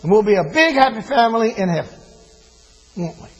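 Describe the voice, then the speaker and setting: High, husky preacher. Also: male voice, lively intonation, a little fast, poor audio. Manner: folksy storytelling, rising to emphatic preaching. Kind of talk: sermon.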